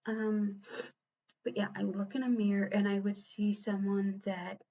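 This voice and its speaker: Young woman, mid-pitched, earnest and halting, restarting her sentences as she speaks in a confessional vlog, slightly dull lo-fi recording. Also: flat delivery. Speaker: vlogger and new mother.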